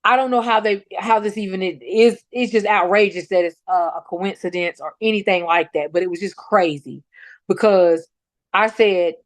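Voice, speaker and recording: A middle-aged woman from North Carolina, a bereaved mother, tells her story in a podcast interview. Her medium-pitched voice holds a steady tone at a moderate pace, with no room sound. She speaks emphatically, retelling confrontations and quoting her own words.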